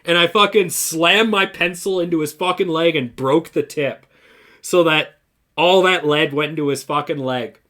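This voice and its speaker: A man's voice: fairly high pitch, moderate pace. Foul-mouthed man telling a story. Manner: profane, heavy swearing; lively anecdotal delivery with voiced-out quotes. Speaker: talk show co-host. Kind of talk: casual storytelling on a podcast.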